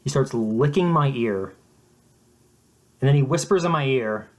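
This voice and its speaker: Halting deadpan young man telling a tale. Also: medium pitch. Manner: halting and deadpan, with many restarts. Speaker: vlogger. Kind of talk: mock-serious storytelling.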